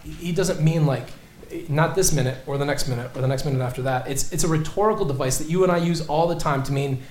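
A man preaching a sermon as pastor, earnest, swinging between emphatic peaks and low, soft passages. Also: normal speed, echoey room.

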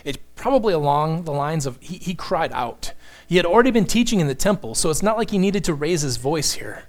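A man preaching a sermon, emphatic and impassioned, moving between loud declarations and hushed, slow lines. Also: fairly high pitch, sing-song.

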